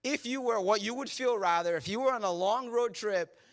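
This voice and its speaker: A man preaching a sermon as pastor, animated and joking, acting out the voices in his stories. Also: high-pitched, normal speed. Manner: animated, joking storyteller who acts out quotes. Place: church service.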